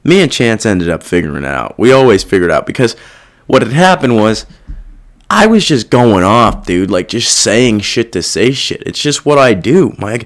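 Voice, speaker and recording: A man's voice: fairly low pitch, very animated, moderate pace. A young man hosting a podcast, talking through his feelings in a rambling, self-reflective and heavily profane casual monologue. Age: young adult. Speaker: podcast host.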